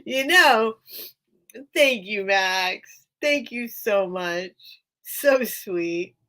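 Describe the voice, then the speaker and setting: Extremely slow and expressive, a woman with a medium-pitched, sharp-toned voice hosts a casual live-stream sale. She's in a small room at home with a towel under the door, chatty, easily distracted, and laughing often.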